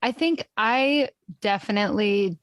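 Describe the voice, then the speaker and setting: A woman's voice: medium pitch, a little slow, dry recording, studio quality. A woman hosting a podcast, talking casually and supportively with frequent short affirmations. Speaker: podcast host. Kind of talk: casual conversation.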